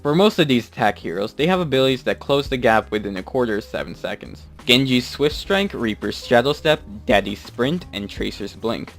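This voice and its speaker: A man's voice: medium pitch, big pitch swings, brisk, hardly any pauses, soft background music. A man giving a scripted, matter-of-fact video game guide voice-over.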